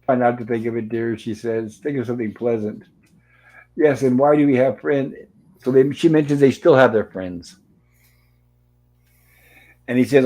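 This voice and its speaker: A man's voice: mid-range voice, normal speed, pauses often, mellow, poor audio. A man hosting a show, casually retelling old TV episodes scene by scene, reading the characters' lines aloud and adding dry asides. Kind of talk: casual recap and commentary.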